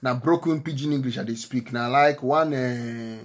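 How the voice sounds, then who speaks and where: A man's voice: mid-range voice, moderate pace, breathy edge. A man from Nigeria with a Nigerian accent, giving a spontaneous, earnest talk of faith and prayer, repeating himself and often ending lines with "eh?". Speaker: vlogger giving encouragement.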